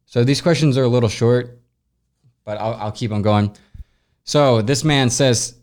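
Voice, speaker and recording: A man's voice: mid-range voice, unhurried, long pauses, darkish tone. A young man hosting a casual solo podcast, reading listener questions and giving blunt, rambling advice with plenty of swearing, recorded at home. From United States. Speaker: podcast host. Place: home room with echo, sound pads set up. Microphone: camera recording, speaker moves off-mic at times.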